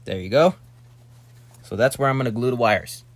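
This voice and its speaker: A young man casually narrating a hobby build, rambling and talking to himself with sudden excitable outbursts. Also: mid-range voice, moderate pace, no echo.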